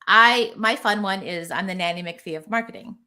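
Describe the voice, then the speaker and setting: A woman's voice: medium pitch, normal speed, sharp tone. A woman guest in an interview, a marketing strategist explaining her ideas with confidence. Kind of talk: casual interview chat.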